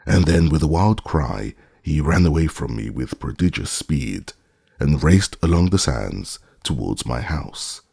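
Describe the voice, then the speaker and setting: A man narrating a classic short story as an audiobook, in a measured, deliberate way. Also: rumbling low, creaky, darkish tone, slightly rough, no room sound, clean studio sound.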